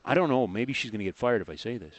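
A middle-aged man from Canada hosting a radio sports show, bantering and teasing in a jokey, animated way. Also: mid-range voice, rapid-fire, no room sound.

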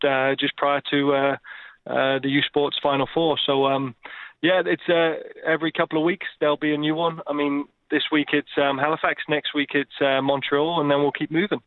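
A soccer coach from England, talking in a chatty phone interview with lots of fillers and easy laughter. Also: male voice, fairly high pitch, level tone, normal speed, no echo. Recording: tinny phone line.

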